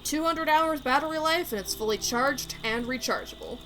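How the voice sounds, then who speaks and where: A woman voicing a deadpan uncle in a video game who lists gadget features like a salesman. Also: sits high, normal speed, soft background music, low-quality recording. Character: gear-proud adult uncle, deadpan.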